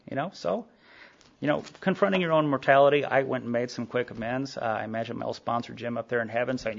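In a dull, lo-fi recording with slight background noise, a middle-aged man shares a meandering personal story at a recovery meeting. His medium-pitched voice is a bit bright with vocal fry, and he leans heavily on fillers and quoted dialogue.

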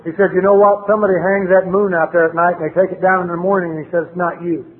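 A man's voice: sits high, little pitch movement, quick pace. A middle-aged man with a blunt, plain-spoken manner, sharing his recovery story at a meeting. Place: meeting hall. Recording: tinny lo-fi recording in a reverberant hall.

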